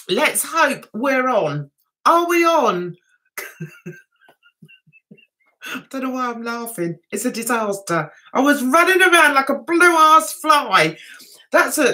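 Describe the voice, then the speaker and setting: A woman's voice: sits high, pushed and bright. A British woman hosting a casual livestream chat, giggly and flustered as she talks to her viewers. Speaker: livestream host.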